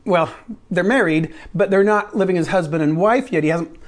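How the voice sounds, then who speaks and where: A man's voice: high-pitched, moderate pace. A man on a church live stream, casually explaining a scripture question and correcting himself as he goes. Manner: rambling, self-correcting, chuckles. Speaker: church teacher answering questions.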